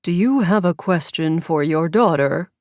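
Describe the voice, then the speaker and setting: A flat, commanding kidnapper with no emotion in his voice, as a woman narrator puts him on. The tone sits low, and the dry studio sound keeps every word close. This is audiobook character reading. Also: moderate pace, dry recording, lightly acted. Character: cold male kidnapper behind a mechanical voice.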